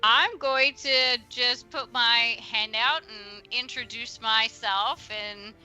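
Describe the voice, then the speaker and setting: High, slow-talking woman gamer. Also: steady tone, bright, forceful tone, clear, resonant tone, soft background music. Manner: chatty, laughing, stammers. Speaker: player. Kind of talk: playing a tabletop game.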